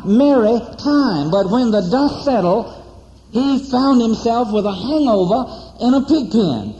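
A man's voice: extremely high pitch, warm tone. Guy preaching, lots of "you remember, don't you?" questions, big hall reverb, muffled sound. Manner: rhetorical, repeating questions to the congregation, dramatic storytelling. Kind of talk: sermon storytelling. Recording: dull, echoey church hall recording.

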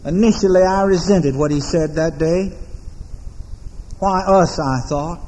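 An American man preaching a sermon as pastor, in a measured, solemn oratorical manner with deliberate pauses, in a large church sanctuary. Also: on the high side, warm tone. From United States. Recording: long reverb of a large church hall.

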